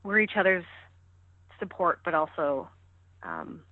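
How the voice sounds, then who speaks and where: A lowish female voice with big swings in pitch and a measured pace belongs to a Canadian ski coach guesting on a podcast. She chats casually in interview style, often using fillers and starting over. The recording is dry and sounds like a tinny phone line.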